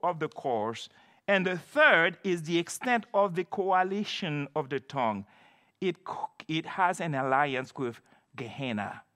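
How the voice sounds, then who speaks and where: A man's voice: high voice, sharp tone. A man preaching an expository sermon, emphatic and repeating key phrases for stress.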